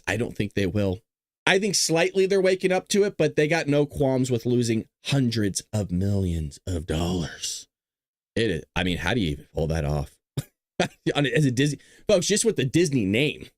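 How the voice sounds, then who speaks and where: A man's voice: medium pitch, big pitch swings, normal speed, no room sound, studio quality. A middle-aged man hosting a political talk show, talking casually with sarcastic, jokey asides.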